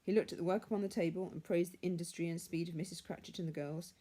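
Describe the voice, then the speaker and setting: A woman reading a classic story aloud in a measured, hushed manner. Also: fairly low pitch, fairly even intonation. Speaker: reader.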